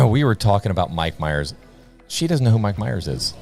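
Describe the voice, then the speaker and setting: A man's voice: fairly low pitch, sing-song, normal speed, creaky, a little mellow, soft background music. A man commentating a live sports stream in casual banter, rambling and joking with frequent laughs. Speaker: livestream commentator.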